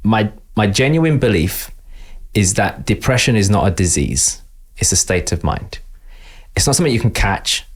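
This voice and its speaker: A man's voice: fairly low pitch, moderate pace. A middle-aged man with an East London accent, a podcast guest talking casually and acting out the voices of people he quotes. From England. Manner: animated storyteller, acts out quoted voices. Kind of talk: casual interview talk.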